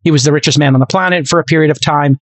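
Guy cohosting a podcast, excited rambly talk, slightly high voice, dry close sound. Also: rapid-fire, no echo. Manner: animated, emphatic, rambling with fillers. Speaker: podcast co-host. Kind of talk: casual chat.

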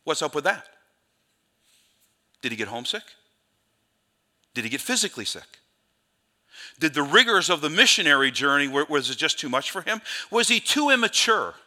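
A male pastor telling a Bible story in a sermon, in an animated way, with quick asides where he corrects himself. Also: on the high side.

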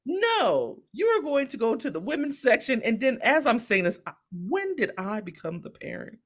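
A woman co-hosting a podcast, telling a story in a profane, animated, casual way. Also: fairly high pitch, normal speed. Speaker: podcast co-host. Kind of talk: casual chat.

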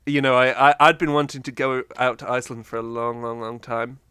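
A man's voice: mid-range voice, little pitch movement, fairly quick, a bit bright, clean tone, dry recording, studio quality. A man co-hosting a podcast in casual chat, wry and rambling as he talks. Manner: rambling, lots of fillers and restarts, wry. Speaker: podcast co-host.

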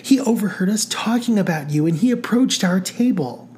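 A woman voicing an eager, gossipy woman friend, bubbly and excited. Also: medium pitch, normal speed, slight background noise, voice pushed up, close to an everyday voice.

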